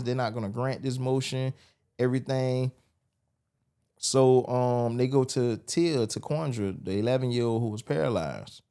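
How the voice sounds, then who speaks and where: A man's voice: medium pitch, darkish tone, clean tone. A man, telling his story as a podcast guest and acting out the voices he quotes. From Miami, USA. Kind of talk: storytelling interview.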